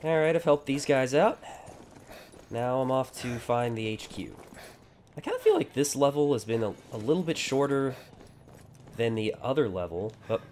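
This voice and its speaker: A man's voice: mid-range voice, sing-song, normal speed, a little mellow, slight background noise. A man giving casual, sarcastic gameplay commentary with jokey asides. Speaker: gaming YouTuber.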